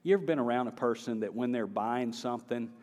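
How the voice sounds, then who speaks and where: This Southern-accented pastor speaks fast in a medium-pitched, darkish voice. He delivers his sermon from the pulpit of a church sanctuary in a folksy, conversational way that swells into emphatic bursts. Faint guitar sounds in the echoing church hall.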